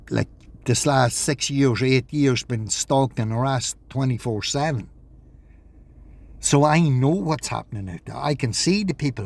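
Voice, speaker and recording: A man's voice: medium pitch, darkish tone. A man talking in a rambling vlog monologue, agitated, swearing and repeating himself. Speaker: vlogger.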